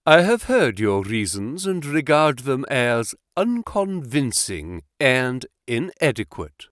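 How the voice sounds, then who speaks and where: A man reading an audiobook, voicing a calm, commanding detective who speaks in a crisp, precise, insistent way. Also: mid-range voice, slow, dry recording, clean studio sound. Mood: calm, assured. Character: cool, commanding male detective, calm and assured.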